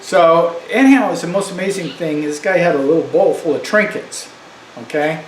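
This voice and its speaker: Brief: older male storyteller, rambling, fairly high voice, echoey room with faint hiss. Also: moderate pace, soft background music. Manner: rambling, many fillers and restarts. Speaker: vlogger. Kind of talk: casual storytelling monologue. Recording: roomy echo with faint background noise.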